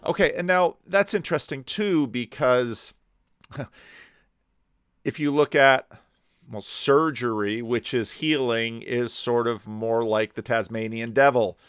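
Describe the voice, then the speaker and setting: A man pausing a video to comment on it, rambling and restarting his sentences often. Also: mid-range voice, a bit bright, clean tone, no echo, clean studio sound. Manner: digressive, frequent restarts and repeated words.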